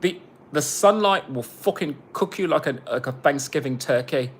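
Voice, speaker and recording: A man's voice: a little high, animated, moderate pace, slight background noise. A man who makes his own music, chatting casually on a livestream. He rambles, swears freely and breaks off to greet viewers.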